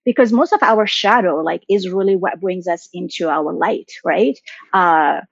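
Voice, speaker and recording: A woman's voice: fairly low pitch, moderate pace, vocal fry, no echo. Earnest woman coach, dull dry audio. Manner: flowing, earnest, heavy use of "like" and "right?". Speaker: guest, coach for women and executives. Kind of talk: casual conversational interview.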